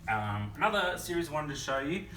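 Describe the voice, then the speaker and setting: A man, a children's author, chatting casually about favourite picture books with a relaxed, hesitant manner. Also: on the high side, a little fast. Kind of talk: casual book chat and read-aloud. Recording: roomy distant mic, faint hum.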